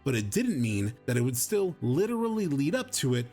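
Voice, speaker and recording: A man giving scripted narration for a video essay in an explanatory, measured way. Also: medium pitch, very animated, mellow. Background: music.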